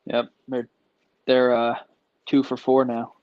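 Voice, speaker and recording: A man's voice: mid-range voice, monotone, takes it slowly, dry recording, lo-fi sound. A man co-hosting a casual sports livestream, bantering in a laid-back, self-mocking way. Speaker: co-host.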